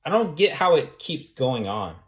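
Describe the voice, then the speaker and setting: A man's voice: on the high side, big pitch swings, moderate pace. A man in a casual monologue who argues his point over and over and keeps asking "right?". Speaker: vlogger. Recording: echoey room.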